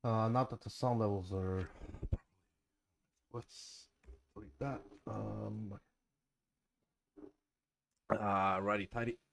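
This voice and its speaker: A man's voice: fairly low pitch, fairly even intonation, takes it slowly, creaky, long pauses, slight background noise. A man who makes gaming videos, muttering to himself with jokes and lots of fillers as he checks his mic and then reads a casual script.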